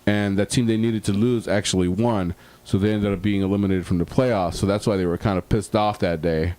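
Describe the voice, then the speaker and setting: A man co-hosting a podcast, telling a long, rambling bar story full of swearing in a casual, animated way. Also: fairly low pitch, brisk. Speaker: podcast co-host.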